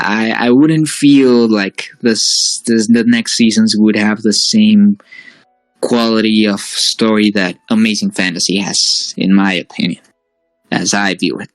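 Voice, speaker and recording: A man chatting as a guest, often pausing to restart his thoughts and hedging as he goes. His voice sits dry and close, with faint music in the background. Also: lowish voice, dry recording, poor audio. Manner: hesitant, full of fillers and restarts. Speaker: guest, fan-series creator. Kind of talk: casual interview chat.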